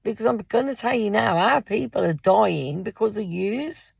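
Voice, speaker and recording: A woman's voice: mid-range voice, animated, normal speed, creaky, husky, no room sound. A woman ranting bluntly into the camera from inside her car, swearing freely and talking straight at her listeners. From England. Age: 50s. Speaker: parent and carer. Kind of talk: angry vlog rant. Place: in a car in a car park.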